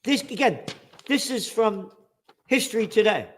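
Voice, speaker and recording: A man's voice: sits high, unhurried, a little hiss or hum. A man hosting a heated political talk show, reading from a source aloud and mocking it with sarcastic asides. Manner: sarcastic, animated, reads aloud and mocks the text. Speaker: show host.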